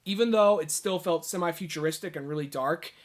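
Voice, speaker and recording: High-voiced rambling podcast guy. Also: brisk. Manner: rambling, profane, acts out quotes in high voices. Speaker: podcast co-host. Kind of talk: casual chat.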